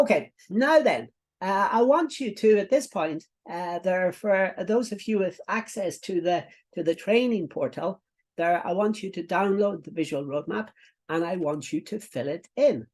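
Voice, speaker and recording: A man's voice: high-pitched, lively intonation, normal speed, a little mellow. A middle-aged man teaching a coaching lesson to camera, giving instructions with many fillers, repetitions and asides. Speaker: business coach.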